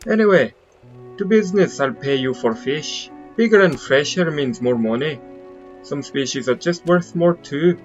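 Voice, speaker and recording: A man voicing a downcast, gruff male fishmonger in a rough, put-on northern brogue. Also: a little high, highs cut off.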